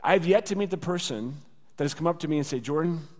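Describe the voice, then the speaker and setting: A man's voice: a little high, fast talker. A man preaching a sermon as pastor, earnest and conversational, with lots of rhetorical repetition. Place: church sanctuary. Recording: long hall reverb.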